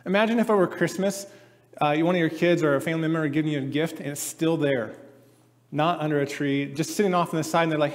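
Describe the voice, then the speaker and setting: A man's voice: fairly high pitch, fast. A man in his forties preaches a sermon in a somewhat raised voice. He keeps it conversational and acts out the people he quotes. His voice rings with the long reverb of a large hall. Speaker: pastor.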